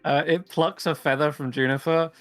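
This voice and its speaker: A man's voice: a little high, steady tone, moderate pace, soft background music. Chuckling man narrating a tabletop game. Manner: loose, chuckling narration with fillers. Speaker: dungeon master.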